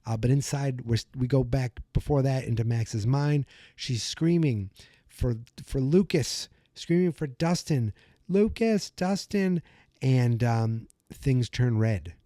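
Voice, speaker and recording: A man's voice: mid-range voice, unhurried, dark tone, no echo, studio quality. A man hosting a podcast, chatting casually through an episode recap, with lots of "you know" and "like", and acting out the characters' lines as he goes. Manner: acts out character lines while retelling. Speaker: podcast host.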